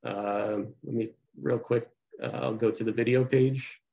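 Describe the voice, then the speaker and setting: A man co-chairing a committee, presenting a website on a video call, halting, with many uhs and restarts. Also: mid-range voice, steady tone, gravelly, dull audio. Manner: halting, heavy with uh and restarts, sometimes mutters aside. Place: home office on a video call. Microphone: computer mic on a video call.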